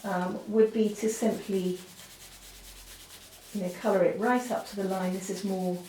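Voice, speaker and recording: A woman's voice: mid-range voice, steady tone, a little slow, dark tone. Woman art teacher demonstrating at the easel, chatty and apologetic, mic at a distance in an echoey room. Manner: chatty, full of fillers, apologetic asides. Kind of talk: drawing lesson demonstration. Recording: roomy, from a distance, faint noise.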